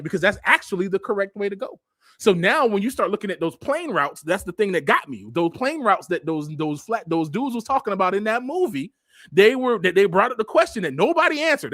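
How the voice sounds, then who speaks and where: Heated high-voiced man ranting. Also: a bit bright, no room sound, studio quality. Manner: heated, blunt, repeats himself and goes off on tangents. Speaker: online commentator. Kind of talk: ranting monologue walking through a map.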